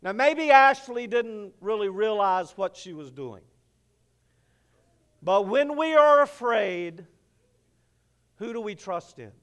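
Playful preacher, high bright voice. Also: male voice, slow, long pauses. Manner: storytelling, animated and playful. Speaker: pastor. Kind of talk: sermon.

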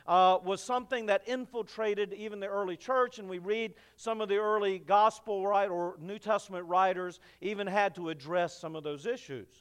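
A man's voice: high voice, a bit bright, clean tone. A man preaching a sermon as pastor, telling a story and speaking straight to the congregation in an easy, conversational way.

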